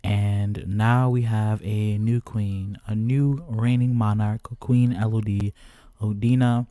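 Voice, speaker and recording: Gaming host, male, low and mellow, dry close sound, chatty with viewers. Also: steady tone, slow, no echo. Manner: chatty, keeps addressing viewers as "guys". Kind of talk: casual gameplay commentary.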